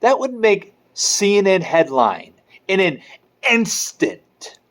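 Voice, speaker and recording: An online commentator delivering an angry, profane rant with drawn-out, stressed words. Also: mid-range voice, very animated. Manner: furious, profane, emphatic.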